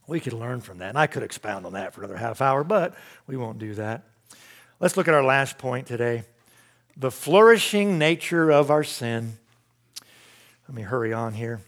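A man preaching a sermon in a conversational way, asking rhetorical questions and moving between loud emphasis and hushed asides. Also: medium pitch. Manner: conversational with rhetorical questions and self-deprecating laughs. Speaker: pastor.

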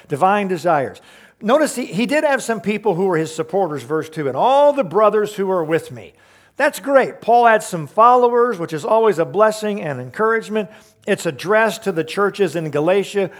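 A man preaching a sermon, emphatic, asking the congregation rhetorical questions and explaining verses. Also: sits high. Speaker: pastor.

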